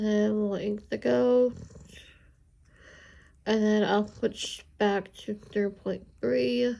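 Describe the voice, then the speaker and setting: A woman chatting casually with viewers while she inks a drawing, rambling and chatty, with a high squeaky voice. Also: fairly even intonation, slow, gravelly, pauses often, mellow. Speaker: art channel host.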